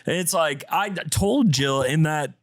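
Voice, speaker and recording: A man's voice: a little high, a little slow, no room sound, studio quality. A man co-hosting a podcast, telling stories animatedly and reading out listener messages. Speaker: podcast co-host. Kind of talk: casual chat.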